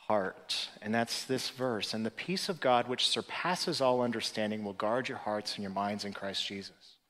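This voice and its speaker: A man preaching a sermon as pastor, swinging between emphatic, rising passages and quiet, reflective lines. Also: fairly low pitch, moderate pace. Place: church sanctuary. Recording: long hall reverb.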